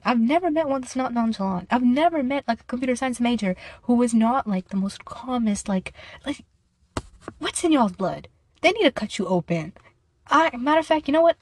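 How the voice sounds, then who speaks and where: A young woman hosting a casual solo podcast, talking in an animated, playful, rambling way. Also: medium pitch, no echo. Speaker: podcast host.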